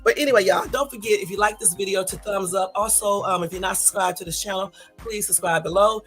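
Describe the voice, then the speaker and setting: A woman's voice: medium pitch, fast, fairly bright tone, soft background music. A woman hosting a casual live stream, tired and a bit out of breath, chatting loosely and rambling to her viewers. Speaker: YouTube live host.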